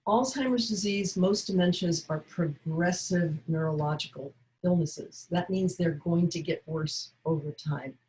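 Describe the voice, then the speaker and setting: A woman's voice: lowish voice, measured pace, hardly any pauses, rough recording. Woman coaching caregivers. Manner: acts out short dialogue examples, warm and coaching. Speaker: caregiving educator. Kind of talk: instructional talk.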